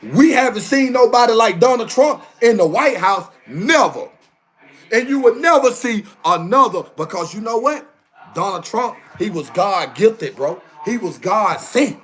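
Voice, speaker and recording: High, lively man ranting on a livestream. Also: unhurried, husky. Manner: emphatic, repeats phrases, heated. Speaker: live streamer. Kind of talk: casual livestream rant.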